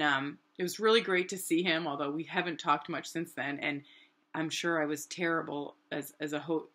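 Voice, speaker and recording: A woman in her thirties from New Hampshire telling a personal story in a rambling, animated way with lots of fillers. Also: sits low. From New Hampshire, USA. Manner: animated, rambling, many "like" fillers, acts out quotes. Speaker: artist and vlogger.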